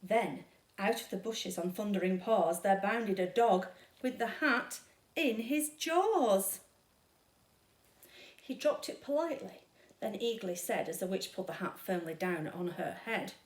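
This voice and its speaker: A woman reading a children's story aloud at a storytime, slow and dramatic. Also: medium pitch, recorded from a distance. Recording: echoey room.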